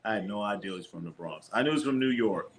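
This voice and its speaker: Here the watch-party streamer's voice sits fairly low, and he talks quickly and with lots of animation. He casually narrates the basketball game live, picks up viewer questions from chat, cracks jokes, and often repeats himself.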